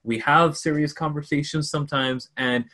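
A man's voice: a little high, steady tone, normal speed, pushed and bright. A man on a podcast as a guest, laid-back and teasing, describing his own film talk show. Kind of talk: casual chat.

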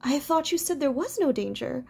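A woman's voice: high-pitched, animated, moderate pace, vocal fry, a little mellow, pitched above the performer's own voice. A woman reading aloud, voicing a young male rabbit who speaks firmly and reassuringly. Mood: urgent. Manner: firm, reassuring. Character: steady young male rabbit, protective leader.

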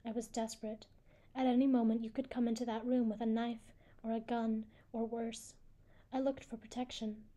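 A woman reading a first-person novel aloud in a steady, even way. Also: fairly high pitch. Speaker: audiobook reader.

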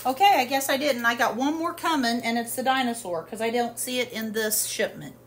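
A woman's voice: on the high side, a little fast, a little hiss or hum. A woman chatting casually through a home haul video, rambling with lots of fillers, in her kitchen at home. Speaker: haul vlogger. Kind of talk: casual product haul chat.

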